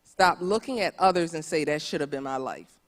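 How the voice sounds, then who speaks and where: A woman speaking on a church conference panel, animated and emphatic, repeating phrases for stress. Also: low-pitched, a little fast. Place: church auditorium.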